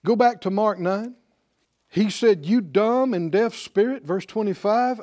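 A man's voice: high-pitched, a little slow. A man preaching a sermon, telling stories and acting out the dialogue, with call-and-response to the congregation. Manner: animated storytelling, acting out dialogue.

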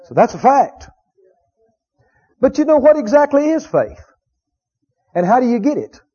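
A man's voice: very high-pitched, very animated, measured pace, mellow, breathy edge. A man preaching a sermon, emphatic, repeating key phrases and drawing out quoted scripture. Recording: dull lo-fi recording.

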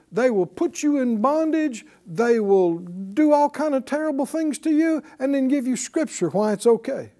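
The voice is high with a somewhat dark tone. It's a Bible teacher on a broadcast lesson, speaking conversationally, frequently asking listeners rhetorical questions and chuckling during the storytelling.

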